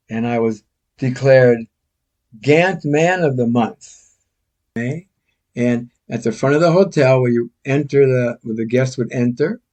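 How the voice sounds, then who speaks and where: A man's voice: medium pitch, darkish tone. Older man telling rambling, self-mocking stories. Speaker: storyteller. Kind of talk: casual personal storytelling.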